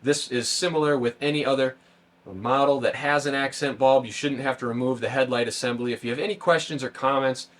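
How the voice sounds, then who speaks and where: A man's voice: medium pitch, fairly even intonation, brisk, a bit bright. Man giving a plain step-by-step repair tutorial. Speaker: host of a how-to video channel. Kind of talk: casual hands-on car repair tutorial.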